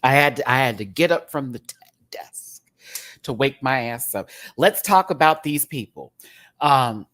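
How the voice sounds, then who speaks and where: A man's voice: mid-range voice, expressive, a little slow, fairly bright tone. A man giving a casual ranting review from his home desk, exasperated and chatty, laughing often. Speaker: YouTube reviewer. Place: home desk with ring light.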